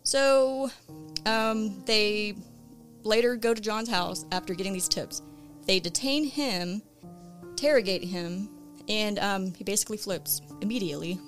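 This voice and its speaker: Her medium-pitched voice unhurried, this true crime podcaster narrates a case in a relaxed, chatty way, frequently saying "um" and "uh." Soft music plays in the background.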